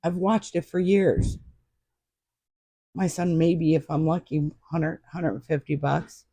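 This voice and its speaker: A middle-aged woman speaks as a podcast guest, telling a personal story with lively emphasis. The recording is dry and close, with no room sound. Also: low voice, takes it slowly, slightly rough, dry recording.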